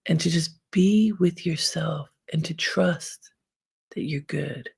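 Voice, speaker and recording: A woman hosting an inspirational self-help talk, giving calm, unhurried advice with frequent pauses. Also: sits low, gravelly, slightly rough. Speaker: host.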